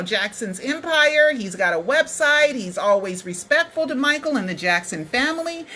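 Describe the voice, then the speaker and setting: A woman's voice: on the high side, bright, forceful tone, poor audio. A woman vlogger delivering a ranting commentary to her viewers, emphatic and colloquial, often checking in with "Okay?". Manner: emphatic, repeatedly asking "Okay?"; colloquial, addresses viewers as "y'all".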